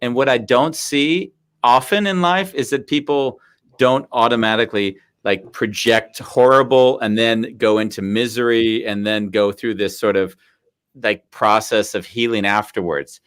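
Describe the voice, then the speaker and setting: A man's voice: mid-range voice, measured pace, a bit bright, clean tone. A man, hosting a casual live podcast interview and asking long, reflective questions. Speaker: podcast host.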